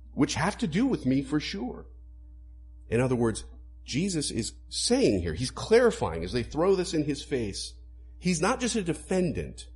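A man preaching a sermon to a congregation, animated, acting out quoted lines as he explains. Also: fairly high pitch. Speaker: pastor.

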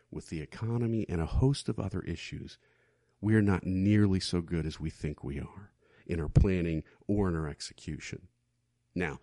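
A male preacher with a lowish voice that swoops up and down with great energy as he drives home each point. He keeps throwing rhetorical questions at his listeners. The sound is close and dry, with no room echo. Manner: animated, emphatic, asks rhetorical questions. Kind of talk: sermon.

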